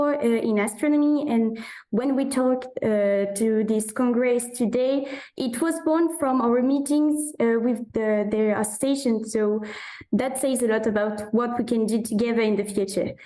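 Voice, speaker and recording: A woman hosts a conference and introduces the next speaker. Her voice is high and mellow. She talks with some hesitation and fills the gaps with "uh.". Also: moderate pace, poor audio. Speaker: conference host. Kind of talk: hosting a conference.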